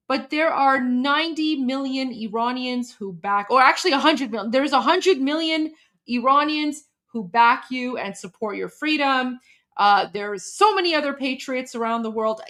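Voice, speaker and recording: A woman hosts a casual live stream in a high, bright-pitched voice. She talks with open emotion and rambles, cutting herself off and starting again mid-thought. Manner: emotional, rambling, breaks off and restarts often. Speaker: livestream host.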